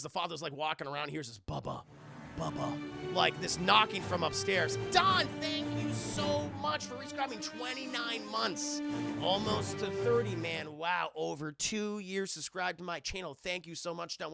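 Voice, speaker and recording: A man streaming live, recapping a film in a rambling, profane and animated way. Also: sits high, creaky, dry recording, studio quality.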